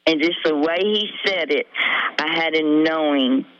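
A middle-aged woman calling in to a radio show, telling her story in a halting, rambling way full of fillers. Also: sits low. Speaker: caller. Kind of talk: emotional call-in confession. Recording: dull lo-fi radio call.

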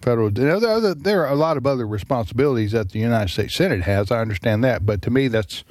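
A man hosting a radio talk show, speaking in a halting way with many restarts and fillers. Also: medium pitch, animated, darkish tone, no echo. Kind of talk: casual political chat.

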